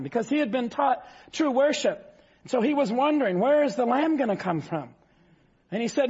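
A male preacher delivering a fervent sermon, reading scripture slowly and rising to shouts. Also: very high voice, expressive, husky. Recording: dull lo-fi sound.

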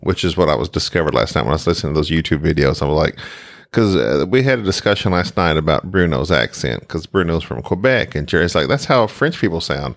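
A man's voice: very deep voice, lively intonation, fast talker, gravelly, few pauses. A man co-hosting a podcast, teasing and laughing in casual chat. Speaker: podcast co-host.

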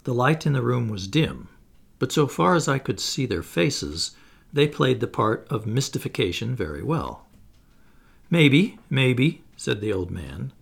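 A man reading a classic novel aloud as a first-person audiobook narrator, measured. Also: medium pitch, very animated, gravelly, fairly bright tone, husky.

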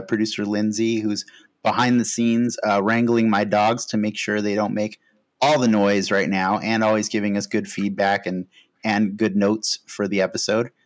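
Man, podcast host, lowish voice, easygoing chat, lots of fillers. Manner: relaxed, hesitant with many fillers.

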